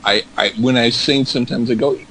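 A man co-hosting a podcast, talking casually in a halting, rambling way and repeating words. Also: medium pitch, steady tone, fairly bright tone, breathy edge, rough recording. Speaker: podcast co-host. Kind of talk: casual chat.

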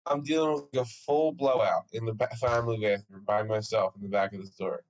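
A man's voice: fairly low pitch, brisk, rough recording. A young man co-hosting a podcast, telling a story in casual chat with swearing and frequent laughs. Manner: animated, swearing, laughs often. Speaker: podcast co-host.

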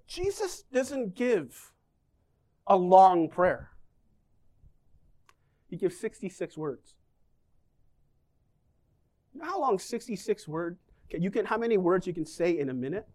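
Lively joking male preacher. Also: high voice, slow, pauses often. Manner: lively, joking, asks the congregation questions. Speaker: pastor. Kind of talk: sermon.

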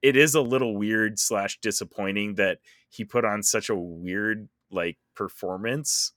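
A man's voice: fairly low pitch, unhurried, fairly bright tone, dry recording, studio quality. A man co-hosting a podcast, chatting casually about a movie he reviewed, easygoing with frequent fillers. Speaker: podcast co-host.

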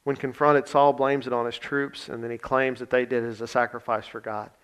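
Man, pastor, sermon, casual and conversational, emphatic when reading scripture, medium pitch. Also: flat delivery, a little fast, fairly bright tone, smooth.

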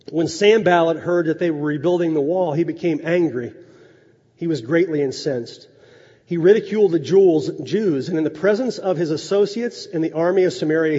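Man preaching in an echoey hall. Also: slightly rough. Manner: conversational preaching, drops low and soft for emphasis. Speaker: pastor. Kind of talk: sermon. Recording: echoey hall, dull lo-fi sound.

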